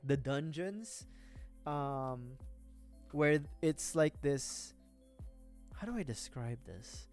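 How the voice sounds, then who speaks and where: A VTuber streamer with a low, slightly mellow voice chats casually on her livestream while building a model kit. She rambles, often breaks into laughing fits, and keeps restarting her sentences.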